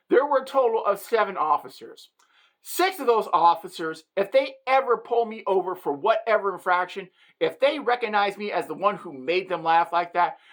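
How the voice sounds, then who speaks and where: Brief: emphatic joking woman, bright forward tone, comic monologue. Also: lowish voice. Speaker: vlogger.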